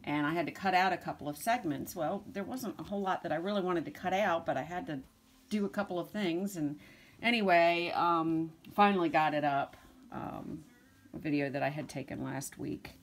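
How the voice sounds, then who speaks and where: A middle-aged woman with a low voice talks through a casual vlog about her puppies. Her talk rambles with fillers and restarts, and she slips into cooing baby talk for the dogs. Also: moderate pace, a little hiss or hum. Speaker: dog breeder. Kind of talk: casual vlog narration to camera.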